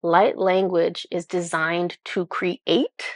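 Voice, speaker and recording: A woman's voice: fairly low pitch, flat delivery, slow pace, no room sound. A rambling, searching woman channeler. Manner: rambling, searching for words, many "like" fillers. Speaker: spiritual channeler. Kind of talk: casual spiritual explanation.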